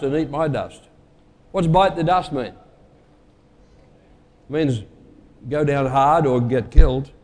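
A man's voice: fairly high pitch, darkish tone, long reverb tail. A male preacher giving a conversational sermon and quizzing his congregation with everyday sayings.

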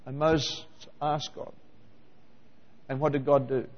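A man preaching a sermon, animated and constantly questioning his listeners. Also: medium pitch, slow, in a large hall, lo-fi sound. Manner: animated, questioning the congregation directly.

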